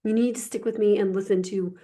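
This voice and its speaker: A woman life coach speaks to her listeners in a casual, lively way. Her voice sits in an ordinary middle pitch. She stresses key words and keeps checking in with her listeners. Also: a little fast. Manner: lively, emphatic, chatty with many fillers. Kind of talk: casual spiritual coaching talk.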